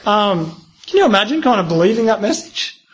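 Male preacher, conversational, asks questions, lively high voice. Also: fairly quick, a little hiss or hum. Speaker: speaker at a university Christian group. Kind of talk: sermon.

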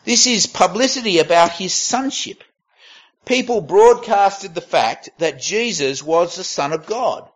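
With lively intonation and a raised, high register, a preacher reads scripture aloud in a sermon. His tone remains conversational. Pauses and restarts come often as he hunts for the right words.

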